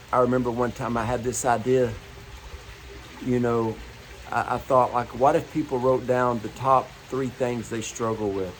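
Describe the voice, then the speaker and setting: A man's voice: medium pitch, slight background noise, rough recording. A man preaching a morning devotional, earnest and repeating his key phrases as he tells personal stories.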